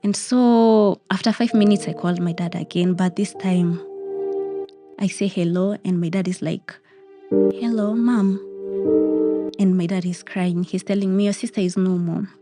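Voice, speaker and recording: A woman's voice: on the low side, fairly even intonation, normal speed, loud music behind the voice. A young Kenyan woman telling a personal story of grief, emotional and repeating phrases. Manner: emotional, repeats phrases, mixes in Swahili words.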